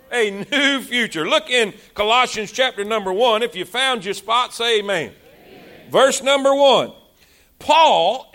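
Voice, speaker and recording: A man's voice: high-pitched, bright, forceful tone. A man preaching a sermon, repeating key phrases and calling on the congregation to respond. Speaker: pastor.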